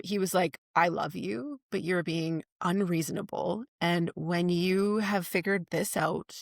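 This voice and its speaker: A woman's voice: fairly low pitch, dry recording, studio quality. A middle-aged woman hosting a podcast, talking in a chatty, rambling way with many fillers and restarts. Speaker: podcast host. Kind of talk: casual interview chat.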